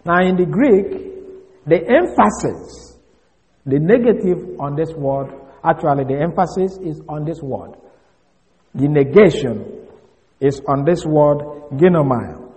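A man gives a Bible lesson as a preacher, his voice pitched high and swinging widely as he works through Greek terms. He spells words out letter by letter. The sound rings with the long reverb of a large hall. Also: a little mellow. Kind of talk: Bible teaching.

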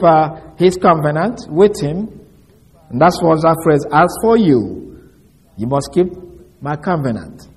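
A man preaching a sermon, reading scripture and explaining it slowly and deliberately, word by word. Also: fairly high pitch.

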